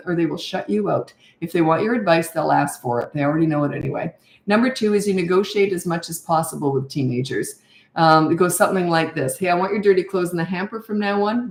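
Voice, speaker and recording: A middle-aged woman coaches parents during a live Q&A, answering viewer questions with blunt, no-nonsense advice and rhetorical questions. Her voice is on the low side and sounds reverberant.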